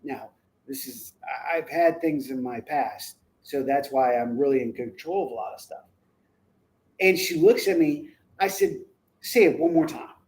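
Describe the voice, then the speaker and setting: A man's voice: unhurried, poor audio. Earnest middle-aged man telling a family story. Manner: earnest, emphatic, with sudden jumps to louder, higher retellings. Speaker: parent of the guest. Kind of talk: personal storytelling on a talk show.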